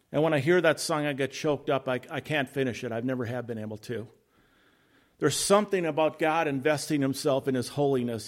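A man preaching a sermon in an earnest way, building to loud peaks and then dropping soft and low, with light self-deprecating asides. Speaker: pastor.

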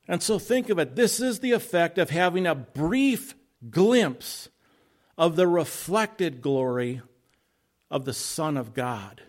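A man preaching a sermon in an earnest way, building to loud peaks and then dropping soft and low, with light self-deprecating asides. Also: lively intonation, takes it slowly. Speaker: pastor.

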